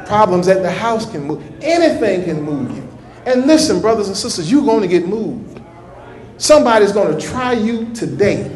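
A man's voice: high-pitched, very animated, normal speed, darkish tone. A male minister preaching a sermon in church, folksy and repetitive, with a rhythmic delivery. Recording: echoey church room.

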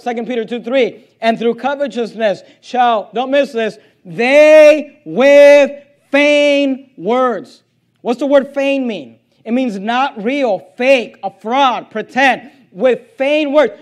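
A male pastor preaching a sermon, reading aloud and driving points home by repeating phrases and slowing on key words. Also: very high voice, a little mellow.

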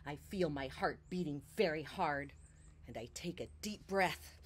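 A woman reading a children's picture book aloud on a porch, shifting from hushed whispers to loud outbursts. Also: sits low, measured pace. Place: porch, outdoors.

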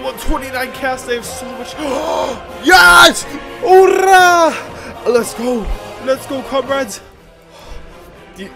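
A man's voice: mid-range voice, fairly bright tone. A man giving casual, joking commentary on a strategy game and chatting to his viewers. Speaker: gaming YouTuber.

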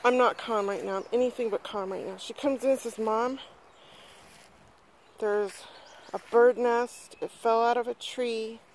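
Gushing, excited woman vlogging outdoors. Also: on the high side, measured pace, a little hiss or hum. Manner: breathless and gushing, swears freely. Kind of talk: excited casual vlog. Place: outdoors in a yard. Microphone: handheld phone camera.

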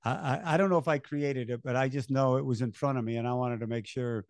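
A man's voice: medium pitch, fast talker, dry recording, studio quality. An older man, a race announcer, telling stories in an interview and acting out the voices of people he quotes. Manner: animated storyteller, acts out quoted voices, chuckles. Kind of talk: conversational storytelling interview.

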